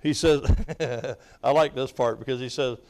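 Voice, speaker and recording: A male evangelist preaching at a revival, telling his testimony and building up to loud, fervent preaching punctuated with amen and laughter, at times choked up with tears. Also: mid-range voice, a little slow. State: choked up, weeping. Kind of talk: revival sermon.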